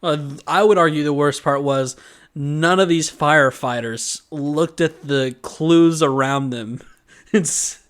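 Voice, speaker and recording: A man's voice: fairly high pitch, takes it slowly. A man co-hosting a casual podcast, teasing his partner with dry joking asides. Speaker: podcast co-host. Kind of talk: casual chat.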